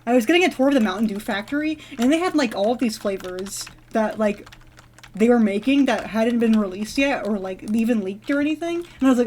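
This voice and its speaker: Rambling, giggly woman with a higher voice. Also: expressive, fairly quick, darkish tone, slight background noise. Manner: rambling, giggly, with many fillers and restarts. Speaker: gaming vlogger. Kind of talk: casual rambling storytelling while playing a game.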